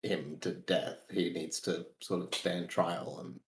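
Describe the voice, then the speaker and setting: Principled male adventurer, man in character, deep, measured, reasoning, echoey. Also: fairly even intonation, slight background noise. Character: principled male adventurer wanting a fair trial.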